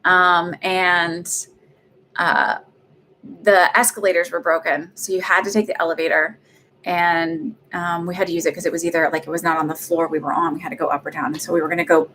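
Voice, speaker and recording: A woman's voice: on the low side, fairly bright tone, a little hiss or hum. Middle-aged woman host, rambling casual livestream chat, filler-heavy storyteller. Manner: chatty and rambling, with frequent fillers and laughs. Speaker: psychic medium livestream host.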